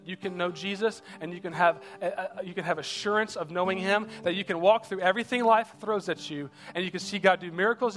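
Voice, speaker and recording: High-voiced pastor preaching over soft guitar. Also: male voice. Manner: earnest, urging, repeats rhetorical questions. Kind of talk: sermon.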